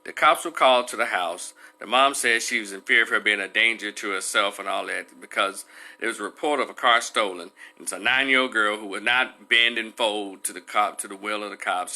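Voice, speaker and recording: A man talking loosely on a livestream, rambling with many fillers and animated retelling. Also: lowish voice, moderate pace. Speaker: livestream commentator. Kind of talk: casual livestream commentary.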